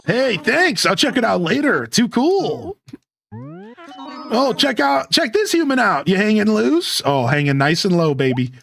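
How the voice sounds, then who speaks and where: A man's voice: mid-range voice, brisk, hardly any pauses, soft background music, natural voice. A man voicing a laid-back, friendly male animal villager from a life-sim game, with a drawling surfer-dude way of talking and calling everyone dude. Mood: breezy. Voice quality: drawling California-style surfer slang. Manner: breezy, calls everyone dude. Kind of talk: reading game dialogue aloud in character.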